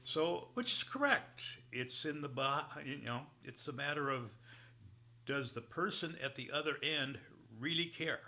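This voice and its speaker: A man's voice: on the high side, animated, a little slow, bright, forceful tone. A man taking part in an online discussion, speaking casually in a rambling, anecdotal way. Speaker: participant. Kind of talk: casual chat.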